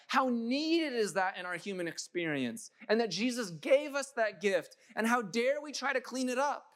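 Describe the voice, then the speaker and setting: Young guy preaching, high voice, gets fired up and emphatic. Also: fairly bright tone. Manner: impassioned, rising to emphatic peaks. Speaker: pastor. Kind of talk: sermon.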